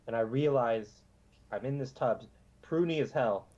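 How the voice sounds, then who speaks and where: A man speaks casually as a player in a tabletop game, easygoing and joking about his character's actions. His voice is mid-pitched. The sound comes through dull and lo-fi. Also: moderate pace, warm tone.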